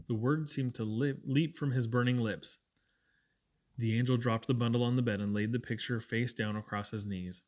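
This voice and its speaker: A man narrating an audiobook chapter in a measured, unhurried way. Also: mid-range voice. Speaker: audiobook reader. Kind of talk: scripted narration.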